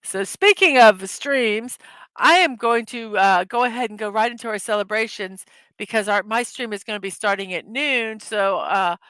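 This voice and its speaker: A woman's voice: mid-range voice, moderate pace, a bit bright, clear, resonant tone, no room sound. A woman hosting a casual morning livestream, chatting loosely, laughing easily at her own jokes and correcting herself mid-sentence. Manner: rambling, self-correcting. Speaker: livestream host.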